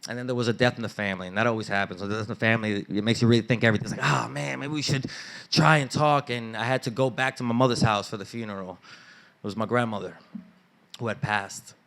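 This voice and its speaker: A man with a lowish voice races through a personal story at a live story slam. With Dominican family roots, he keeps it casual with street slang and swearing, animatedly acting out relatives' lines in raised voices.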